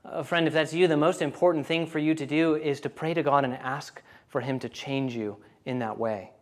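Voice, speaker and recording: A man preaching a sermon earnestly, often pausing with "uh" between points. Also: a little high, steady tone. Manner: earnest preaching with many uh fillers. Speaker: pastor.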